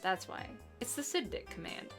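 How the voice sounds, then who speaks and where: A woman streamer chatting casually and jokingly over gameplay, quick to get excited. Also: soft background music.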